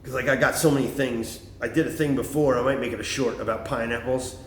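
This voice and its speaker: A middle-aged man rambling in a profane, excitable vlog monologue, jumping from topic to topic. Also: mid-range voice, quick pace, echoey room, a little hiss or hum. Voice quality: extroverted and excitable. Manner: animated, swearing, jumps between topics. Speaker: vlogger.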